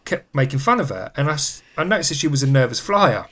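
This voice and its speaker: A man's voice: mid-range voice, sing-song, quick pace, fairly bright tone. A man telling a funny story as a podcast guest, chatty and laughing, acting out voices. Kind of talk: casual storytelling. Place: studio.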